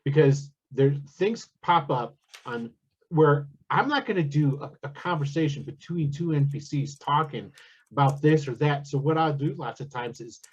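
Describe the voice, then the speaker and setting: Lively, higher-voiced man on a dull mic. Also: normal speed, slightly rough. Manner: lively, acts out quotes. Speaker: panelist. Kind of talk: casual panel chat.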